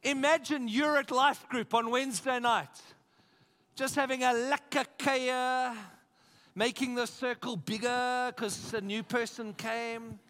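A South African man preaching a sermon as pastor, emphatic and energetic, repeating phrases and asking the congregation questions. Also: extremely high pitch, slow. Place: church.

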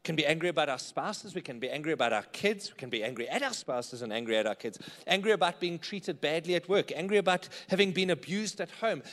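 A man's voice: fairly high pitch, lively intonation, fast talker, few pauses, fairly bright tone, long reverb tail. A man preaching a sermon in church, conversational and often checking in with the congregation. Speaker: pastor.

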